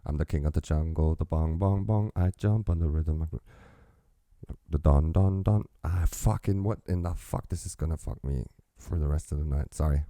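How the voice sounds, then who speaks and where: A man's voice: rumbling low, moderate pace, dark tone, dry recording, clean studio sound. A man hosting a reaction video, swearing freely as he stops the music to quote lyrics and comment on them.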